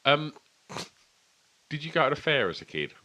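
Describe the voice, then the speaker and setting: Over beers, a man co-hosts a casual podcast chat, spinning rambling, chatty stories full of swearing. His voice is on the high side, very animated, pushed and bright, at a normal speed.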